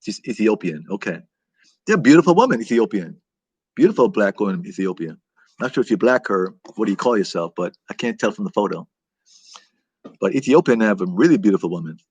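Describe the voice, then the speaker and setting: A man's voice: fairly low pitch, brisk, darkish tone, slightly rough, no room sound. A man hosting a casual live-stream chat, rambling and reacting aloud to viewer comments. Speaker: vlog host reading live chat.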